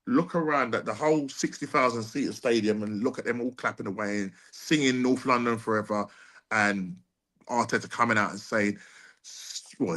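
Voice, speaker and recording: A man's voice: mid-range voice, fairly bright tone. A man venting frustration on a live football fan show, with many restarts and repeats. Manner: frustrated, repetitive, restarts often. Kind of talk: casual live-stream chat.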